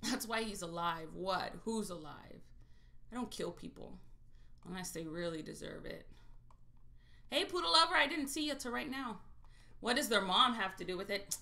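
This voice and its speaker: A woman's voice: mid-range voice, pushed and bright. A woman hosting a live stream, chatting casually and telling stories in a blunt, salty way while she reads viewer names. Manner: blunt and salty, swears freely; chatty storyteller. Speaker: livestream host scratching lottery tickets.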